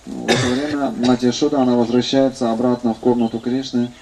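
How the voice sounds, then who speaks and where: Flat-voiced male interpreter. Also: mid-range voice, quick pace, noisy background. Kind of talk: live interpreting.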